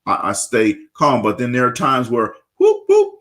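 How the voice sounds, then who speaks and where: A man's voice: mid-range voice, fairly even intonation, moderate pace, pushed and bright. A man from Louisiana hosting a live radio talk show, upbeat, often stammering and repeating words.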